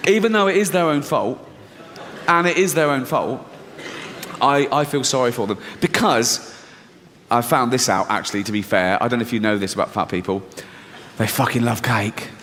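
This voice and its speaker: A man's voice: mid-range voice, normal speed, fairly bright tone. An English man doing a stand-up routine, telling a story in a brash, profane, mock-incredulous way. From England. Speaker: stand-up comedian. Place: live comedy venue. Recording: live stage recording in a reverberant hall with audience ambience.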